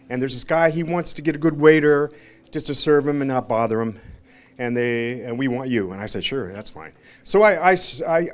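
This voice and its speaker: A man giving an informal memorial tribute at a restaurant gathering, rambling through anecdotes, acting out other people's lines, emotional and laughing between lines. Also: medium pitch. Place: restaurant, gathering of friends and family.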